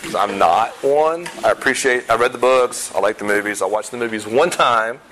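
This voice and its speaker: A pastor preaching a sermon in a conversational way, with self-deprecating humor and emphatic repetition of key points. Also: male voice, medium pitch, normal speed, fairly bright tone, a little hiss or hum, low-quality recording. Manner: emphatic, repeats key phrases.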